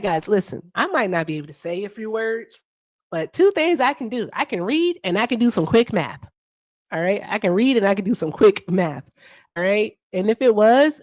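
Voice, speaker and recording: A woman's voice: medium pitch, dry recording, studio quality. Blunt, teasing woman streamer. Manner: blunt, teasing, talks straight to viewers. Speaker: livestream host questioning callers. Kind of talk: casual live-stream chat.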